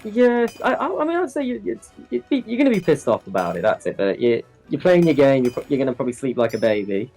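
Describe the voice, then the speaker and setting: A man's voice: mid-range voice, sing-song, fast talker, hardly any pauses, darkish tone, soft background music. A man chatting casually, easygoing and reassuring toward his friend. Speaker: co-host friend. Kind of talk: casual chat.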